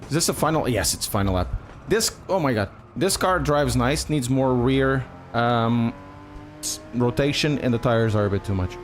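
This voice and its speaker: A man from Portugal gives live-stream commentary on a racing game, chatting with his audience and swearing a lot in a Portuguese accent. His medium-pitched voice is expressive and moderately paced, with a little hiss or hum in the recording.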